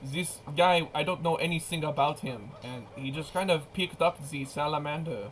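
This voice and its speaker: A man doing a smooth French-accented schemer. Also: on the high side, normal speed, slight background noise, lightly acted, poor audio. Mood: persuasive. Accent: put-on French accent.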